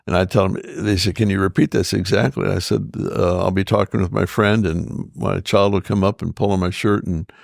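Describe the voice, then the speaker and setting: An older man, a pastor and interview guest, talking in a gentle, thoughtful way with frequent restarts. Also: low voice, little pitch movement, a little fast, vocal fry, few pauses, no echo, studio quality. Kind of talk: relaxed conversational interview.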